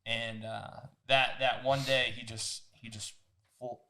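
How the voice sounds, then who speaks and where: A young man co-hosting a casual podcast, relaxed and a bit halting as he talks. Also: medium pitch, a little hiss or hum. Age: young adult. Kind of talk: casual chat.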